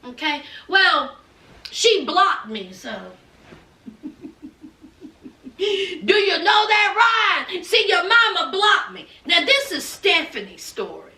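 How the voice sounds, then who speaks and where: A woman's voice: very high voice, big pitch swings, slow, pauses often, sharp tone. A woman recapping reality TV in a casual, sassy, scolding commentary. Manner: sassy, scolding, talks straight to the people she recaps. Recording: echoey room, distant from the mic.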